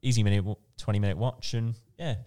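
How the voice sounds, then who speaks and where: A man's voice: fairly low pitch, steady tone, fast talker, warm tone, smooth. A man co-hosting a podcast, chatting casually and rambling with fillers and restarts. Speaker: podcast co-host. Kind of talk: casual chat.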